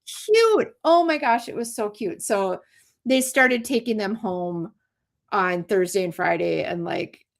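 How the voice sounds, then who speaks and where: A middle-aged woman, a teacher hosting a casual chat, animated and laughing often. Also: medium pitch, measured pace, vocal fry. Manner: animated, laughing, acts out kids' voices. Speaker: host, teacher.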